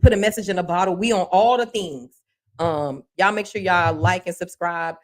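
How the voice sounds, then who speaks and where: A woman's voice: fairly low pitch, moderate pace. Chatty laughing woman hosting a livestream. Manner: chatty, laughs often, folksy slang. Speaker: host of a local news livestream. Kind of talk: casual live-stream chat.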